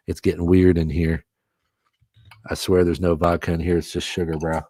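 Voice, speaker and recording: A middle-aged man hosting a live stream, commentating a fantasy football auction, excitable and quick to laugh at himself. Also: low voice, dry recording, clean studio sound. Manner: excitable, self-mocking, laughs often.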